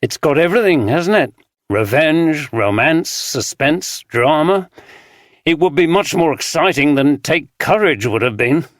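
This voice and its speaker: A man's voice: on the high side, lively intonation, measured pace, no echo, studio quality, pitched above the performer's own voice. A male narrator voicing a serious, disheartened film director in an audiobook. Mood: bitter. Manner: serious, bitter.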